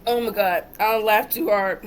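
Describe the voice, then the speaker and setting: A woman's voice: mid-range voice, steady tone, moderate pace. A young woman, talking to camera in a casual rant, mocking and then lecturing firmly. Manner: laughs hard and mocks, then lectures firmly. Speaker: vlogger.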